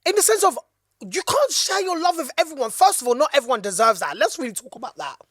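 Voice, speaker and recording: Woman podcast host, slightly high voice, fervent and preachy, dry close sound. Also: quick pace, no echo. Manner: emphatic, preachy and excitable. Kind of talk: casual chat.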